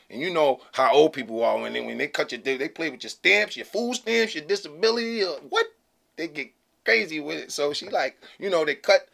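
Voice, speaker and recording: A man's voice: on the high side, animated, normal speed, creaky, a bit bright. A man hosting his own channel, talking casually to camera in a blunt, slangy, emphatic way that keeps checking in with "okay?". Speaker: channel host.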